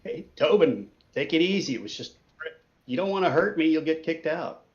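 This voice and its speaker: A man's voice: fairly high pitch, animated, normal speed, lo-fi sound, close to an everyday voice. A man voicing an easygoing young male elf student who speaks in a placating, casual way.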